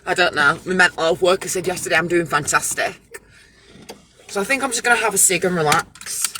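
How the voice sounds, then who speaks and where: British male vlogger, slightly high voice, rambling restless self-talk, car noise behind. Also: fairly quick, bright, forceful tone. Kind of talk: casual vlog monologue. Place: parked car.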